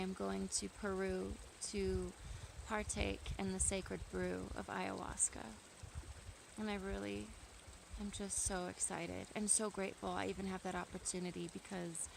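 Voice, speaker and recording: A woman's voice: medium pitch, gravelly, background noise. A woman talking freely and earnestly to a camera outdoors in nature, building at times to emphatic bursts. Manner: earnest, free-flowing, rising to emphatic bursts. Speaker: vlogger. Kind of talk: casual spoken reflection to camera.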